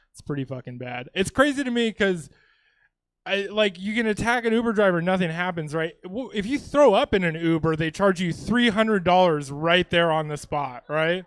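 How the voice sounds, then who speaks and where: A man from Louisiana performs a stand-up set on a comedy theater stage, talking casually with swearing and chuckling asides. His voice is high, a bit bright and smooth, with no echo.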